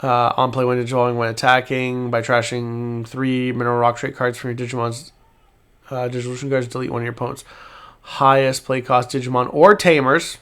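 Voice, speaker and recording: A man's voice: mid-range voice, flat delivery, fairly quick, fairly bright tone, clean tone. A man hosting a card game channel, reading card text aloud with fillers and self-corrections in a casual review.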